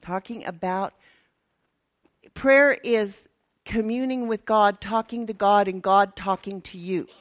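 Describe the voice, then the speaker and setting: Older woman preacher, slow and chatty, talks straight to the pews. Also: medium pitch, steady tone. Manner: chatty, folksy, with asides to the congregation. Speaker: minister. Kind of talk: sermon.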